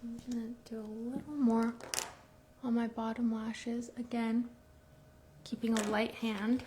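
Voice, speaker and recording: A woman's voice: a little high, flat delivery, a little slow, noisy background. A woman hosting a casual makeup tutorial, chatting through each step in a rambling way and restarting her phrases. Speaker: beauty brand host demonstrating makeup.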